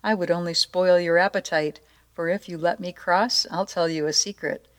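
A woman's voice: on the low side, steady tone, moderate pace, close to an everyday voice. Woman voicing a polite clever billy goat. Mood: coaxing. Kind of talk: storybook read-aloud.

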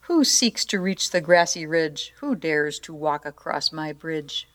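A woman's voice: low-pitched, lively intonation, measured pace, a bit bright. Lady putting on a silly greedy troll guy, bragging and singsong, storybook voice. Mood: menacing. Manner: gleeful, theatrical sing-song boasting. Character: boastful greedy silly male bridge troll. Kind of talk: storybook read-aloud.

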